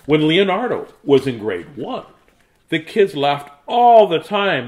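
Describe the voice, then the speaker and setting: A middle-aged man reads a children's book aloud in a chatty, jokey way. His voice moves a lot in pitch and stays lively throughout. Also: takes it slowly. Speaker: host reading children's books. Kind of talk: casual read-aloud to a live chat.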